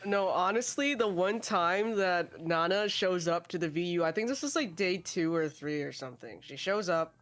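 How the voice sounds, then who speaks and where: A woman recounting what happened in a casual group chat. She talks in quick bursts and swears as she goes. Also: lowish voice, fairly bright tone. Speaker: guest on the stream.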